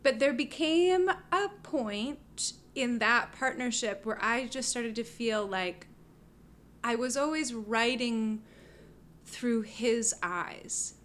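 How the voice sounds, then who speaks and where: A woman guest on an interview podcast, telling stories in a casual, animated way, full of fillers and laughs. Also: on the high side, slow, slight background noise. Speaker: guest musician.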